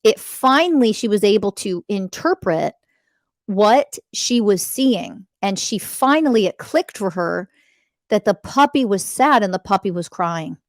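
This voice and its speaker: A woman's voice: mid-range voice, no echo, studio quality. A woman hosting a spiritual self-help podcast, speaking emphatically and intensely and swearing freely. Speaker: podcast host.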